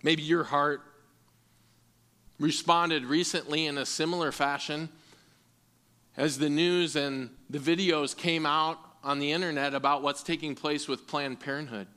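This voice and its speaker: Earnest preaching man, bright voice. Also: on the high side, steady tone, a little slow, clean tone. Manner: earnest preaching, repeats words when restarting. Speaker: pastor. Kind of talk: sermon.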